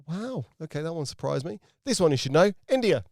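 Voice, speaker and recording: A man's voice: fairly high pitch, big pitch swings, a little fast, vocal fry, a little mellow, dry recording, clean studio sound. Teasing man hosting a podcast. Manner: teasing, playful, laughs often. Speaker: podcast host. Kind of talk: casual podcast chat.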